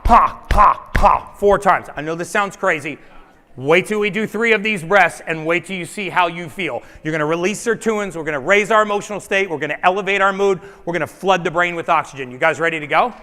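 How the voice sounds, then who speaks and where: Energetic man rallying a hall audience. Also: high-pitched, fast. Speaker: health speaker. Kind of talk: live motivational seminar talk. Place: large hall before a live audience. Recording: echoey hall.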